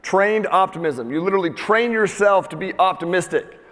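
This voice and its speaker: A man giving a live motivational talk to an audience, energetic and profane, having the crowd repeat key words back to him. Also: sits high, a little fast. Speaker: motivational speaker. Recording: long hall reverb.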